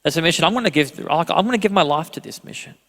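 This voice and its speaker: A man in his thirties delivers a church sermon, his voice sitting somewhat high for a man. He tells stories animatedly, pokes fun at himself, and laughs often. The sound carries a long hall reverb. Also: rapid-fire. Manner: animated storytelling, self-deprecating humor, laughs often. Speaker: pastor.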